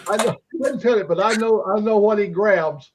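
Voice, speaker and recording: A man's voice: high voice, brisk. An older man telling folksy stories and jokes in a casual chat. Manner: storytelling, folksy.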